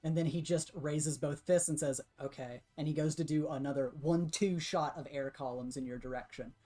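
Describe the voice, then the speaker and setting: A man's voice: fairly high pitch, fairly even intonation, brisk, mellow. A man running a tabletop role-playing game as game master, narrating action loosely with many fillers and restarts.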